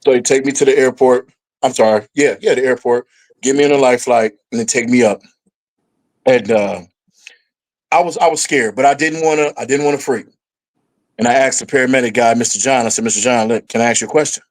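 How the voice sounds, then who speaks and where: A man's voice: a little fast, pauses often, poor audio. A middle-aged man, a podcast guest, telling a personal story in casual conversation, and his voice jumps up when he acts out what he said at the time. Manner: animated storyteller, voices his past self rising in pitch.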